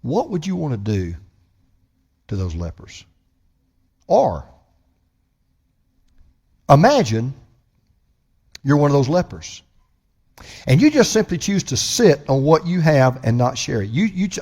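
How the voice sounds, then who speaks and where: A man preaching a sermon as pastor, impassioned, swinging from loud proclamation to hushed storytelling. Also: fairly high pitch, very animated, unhurried, pauses often, husky.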